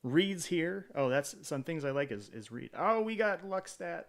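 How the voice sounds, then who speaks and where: A man's voice: fairly high pitch, expressive, a little slow, gravelly. A man streaming live in a casual chat, greeting viewers by name, rambling with hesitant fillers and self-deprecating jokes.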